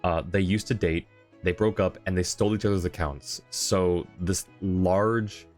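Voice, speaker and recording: A man streaming a game, chatting casually with viewers, rambling and laughing often. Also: low voice. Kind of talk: casual live-stream chat.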